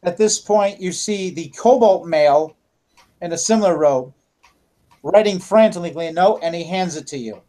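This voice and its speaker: A man narrating a tabletop game as dungeon master, halting, with many fillers and restarts. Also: high-pitched, dark tone.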